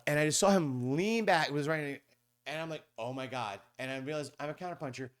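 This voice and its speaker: A man in his fifties, a podcast guest, telling a long story in a rambling way and mimicking other people's voices with sudden high squeaks. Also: fast talker, dry recording. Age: 50s. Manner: rambling with many restarts and fillers. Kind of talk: conversational storytelling.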